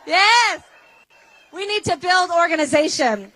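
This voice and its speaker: A woman's voice: very high voice, lively intonation, measured pace, sharp tone, low-quality recording. A woman organizer giving a rally speech to a crowd outdoors, rousing and leading chants. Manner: rousing, leads call-and-response chants.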